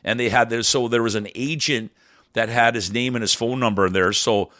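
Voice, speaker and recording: Podcast co-host from Canada, bright forceful voice, profane rambler, dry close mic. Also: male voice, medium pitch, fairly even intonation, a little fast, no room sound. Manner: blunt, profane, rambling, swings loud and soft. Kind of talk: casual ranting chat.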